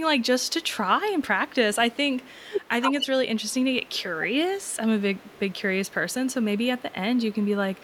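A woman's voice: fairly high pitch, animated, a little fast, a bit bright, a little hiss or hum. A woman talking casually as an interview guest, chatty and full of filler words, laughing often. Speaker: energy healer guest.

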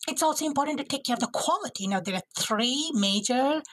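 A woman's voice: high voice, expressive, fairly quick, fairly bright tone, dry recording, low-quality recording. A woman speech-language pathologist explaining vocal health as a podcast guest, with frequent restarts and fillers. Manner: demonstrates voice qualities, laughs often.

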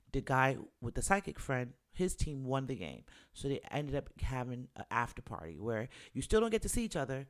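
A man in casual chat, animatedly retelling a reality show, acting out quotes in a raised voice with frequent fillers. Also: medium pitch. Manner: frequent fillers like um and you know. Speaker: commentator recapping a reality show.

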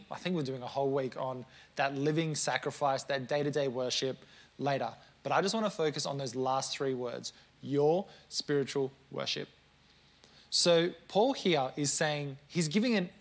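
A man preaching a sermon in a conversational, earnest way, with joking asides to the congregation. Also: on the high side.

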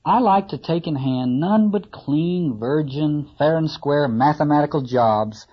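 A fussy old ship's carpenter, proud and grumbling, speaking in a raised, louder, husky voice, as a lecturer puts him on. It sounds like a slightly muffled, lo-fi recording. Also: male voice, a little high, measured pace. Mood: indignant. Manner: eager questioning then indignant.

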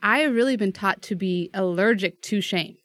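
A woman from the United States puzzles over an idea in casual conversation, thinking it through as she speaks. Her voice sits at a middle pitch and sounds dry and close. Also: moderate pace, a bit bright, no room sound. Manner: thinking aloud, questioning. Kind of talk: casual discussion.

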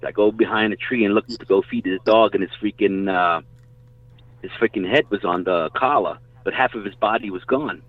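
Over a tinny phone line, a middle-aged guest hunter rambles through casual hunting stories with the odd curse. He speaks on the low side and a little quickly, with no echo at all.

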